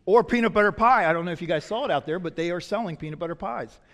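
A man preaching a sermon as pastor, swinging from loud emphatic lines to quiet, low asides. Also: very fast, long reverb tail.

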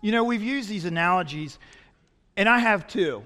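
A man preaching a sermon as pastor, swinging from loud emphatic lines to quiet, low asides. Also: lively intonation, moderate pace, big-room sound.

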